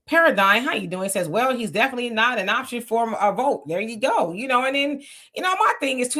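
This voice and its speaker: Bright-voiced woman hosting a live chat. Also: fairly high pitch, expressive, a little fast. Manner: greets commenters by name, conversational and emphatic. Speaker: livestream host. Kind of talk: live political chat reading viewer comments.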